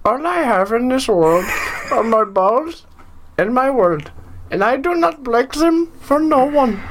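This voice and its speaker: A man putting on a Middle Eastern accent with a lisp, declaiming a movie quote in a high, strained voice. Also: lively intonation, unhurried, slight background noise, full character voice. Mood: proud vow. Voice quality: lisping.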